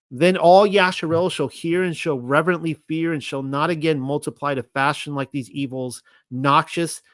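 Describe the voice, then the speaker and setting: A man with a slightly high voice gives an informal scripture teaching, reading passages aloud and breaking in with his own comments. He talks with excitable passion. The sound is dry and close, with no room echo. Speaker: Bible teacher.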